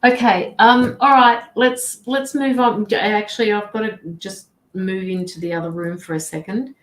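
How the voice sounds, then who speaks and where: A woman's voice: mid-range voice, steady tone, normal speed, reverberant. Easygoing woman hosting a tarot live stream. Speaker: tarot reader and stream host. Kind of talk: casual live-stream chat.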